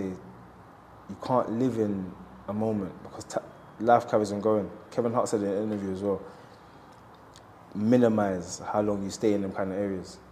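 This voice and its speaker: A man's voice: on the low side, darkish tone. A man, a boxer speaking candidly in an interview, reflective and storytelling with quoted asides.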